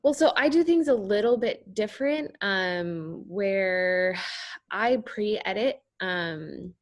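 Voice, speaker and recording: Woman, photographer guest, slow, thoughtful, middle pitch, video call. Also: lively intonation. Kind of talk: webinar round-table discussion.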